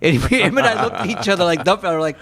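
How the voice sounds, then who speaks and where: A man co-hosting a podcast, telling an animated anecdote and laughing through it. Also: sits high, rapid-fire, gravelly. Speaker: podcast co-host. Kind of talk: casual podcast chat.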